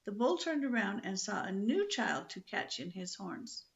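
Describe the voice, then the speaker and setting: An older woman reading a children's book aloud in a lively, expressive storytelling manner. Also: mid-range voice, moderate pace, creaky, highs cut off.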